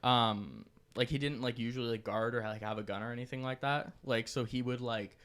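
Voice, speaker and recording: A man's voice: medium pitch, fairly even intonation, a little fast, a bit bright, clean tone. A man chatting as a guest in a podcast studio, explaining his views in a rambling, laid-back way. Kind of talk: casual studio podcast chat.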